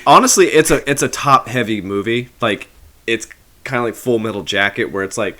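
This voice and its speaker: A man's voice: mid-range voice, fairly quick. A man co-hosting a film review podcast, chatty and casual, peppering his talk with "like". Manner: chatty and lively, lots of "like". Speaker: podcast co-host.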